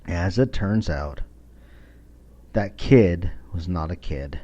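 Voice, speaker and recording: Blunt, profane man ranting slowly. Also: deep voice, expressive, warm tone. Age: around 40. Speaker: podcast host. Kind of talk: casual monologue. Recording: dull lo-fi recording.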